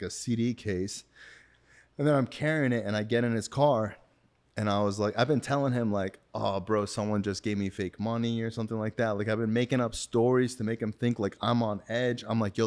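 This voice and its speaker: A man who is a podcast guest, telling a story in casual talk. He swears freely, uses slang and acts out what other people said, getting loud and excited during the chase. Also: on the low side. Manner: gets loud and excited when retelling the chase.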